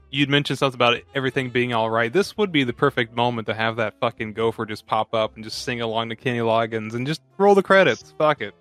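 A man co-hosting a relaxed movie podcast, wry and quick to laugh as he swears his way through opinions. Faint music drifts in the background. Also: medium pitch, no room sound. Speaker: podcast co-host. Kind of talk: casual movie-review chat over beer.

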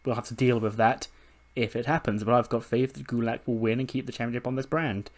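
This is a level-headed male general manager, played by a man narrating a game. He lays out the rules patiently and in an even way. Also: mid-range voice, fast talker, close to an everyday voice. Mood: calm.

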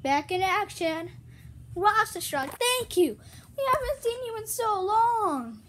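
A woman improvising playful toy-movie dialogue, excitable and exclaiming, often slipping into sing-song. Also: very high voice, takes it slowly, slight background noise. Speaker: home movie maker voicing toy characters.

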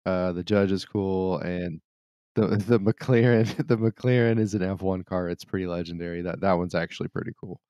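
Laid-back male co-host, lowish voice, dry close mic, rambling storyteller with crude humor. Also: moderate pace, no echo. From United States. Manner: relaxed, rambling anecdotes, crude jokes, frequent restarts and laughs. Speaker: podcast co-host. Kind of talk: casual podcast banter.

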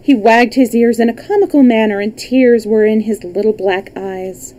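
A woman reading a children's book aloud on a livestream, lively, with small slips and restarts. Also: a little high, normal speed, poor audio. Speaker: storyteller.

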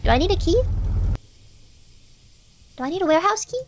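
A woman streaming a driving game, chatting to herself in an excitable, talkative way as she plays. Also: very high-pitched, fairly quick, slight background noise. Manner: chatty, excitable, talks to herself while playing. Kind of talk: live game commentary.

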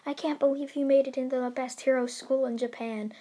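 A loving, emotional mother in a fan-told cartoon story, voiced by a woman. She sounds tender and proud, high-pitched and a little breathy. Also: fairly even intonation, fairly quick, mellow. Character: doting, emotional mother of a teen boy.

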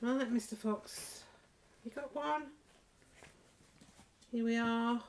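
Lady running a toddler rhyme time, gentle sing-songy voice, kinda high, takes it slow. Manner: gentle, encouraging, sing-song. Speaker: toddler group leader. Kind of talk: nursery rhyme session for little children.

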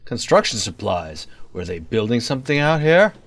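A man's voice: mid-range voice, big pitch swings, normal speed. A young man giving rambling, joking commentary on a horror game he plays, slipping into a put-on hillbilly drawl. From United States. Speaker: let's play gamer.

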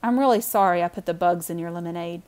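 A woman's voice: fairly low pitch, fast, darkish tone, clean tone, natural voice. A woman voicing an earnest, sincere young girl in a storybook reading.

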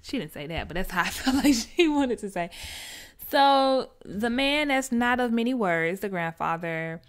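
A young woman chatting casually through a TV episode recap, animated and acting out the characters' lines as she goes. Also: a little high, a little slow, clear, resonant tone. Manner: animated storyteller who acts out character lines. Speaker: TV recap vlogger.

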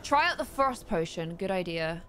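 A woman's voice: fairly low pitch, animated, normal speed, fairly bright tone, a little hiss or hum. A young woman giving chatty, playful let's-play commentary into a desk mic, with giggly exclamations. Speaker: gaming streamer.

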